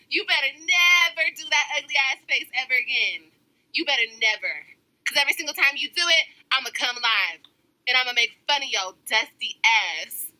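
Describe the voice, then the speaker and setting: A woman's voice: medium pitch, bright, forceful tone, low-quality recording. A woman ranting on a livestream, mocking and profane, sometimes faking crying. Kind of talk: livestream rant.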